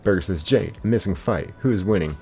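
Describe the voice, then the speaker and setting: Soft music plays in the background as a young livestream host runs a game stream, talking fast in a low voice. Relaxed and chatty, he reads viewers' comments aloud and welcomes them warmly by name.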